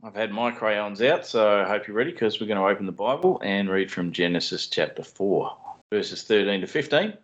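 A man who co-hosts a podcast and explains Bible passages in a measured way with dry humor. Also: on the low side, animated. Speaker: podcast co-host explaining scripture. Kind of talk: teaching Bible study podcast. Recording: dull lo-fi sound.

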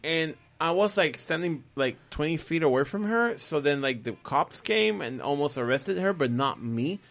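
Brief: profane storyteller, man, slightly high voice, rambling casual delivery. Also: expressive, moderate pace, vocal fry, fairly bright tone. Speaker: podcast guest telling stories.

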